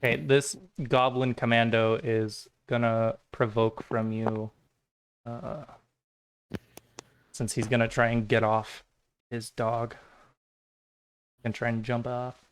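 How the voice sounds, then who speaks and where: A man's voice: mid-range voice, flat delivery, slow pace, long pauses, slight background noise. A man running a tabletop game as game master, describing enemy moves and calling for saves in a plain, matter-of-fact way.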